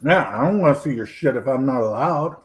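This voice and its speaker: A man hosting a casual chat stream, tossing out deadpan one-liners and edgy jokes. His voice sits at an ordinary middle pitch and he talks easily among friends. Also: fast talker. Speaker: stream host.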